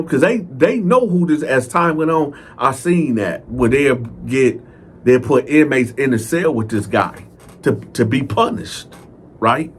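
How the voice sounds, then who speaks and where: Slow-talking man telling prison stories. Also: mid-range voice, slight background noise. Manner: profane, animated, talks straight to viewers. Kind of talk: casual storytelling to camera.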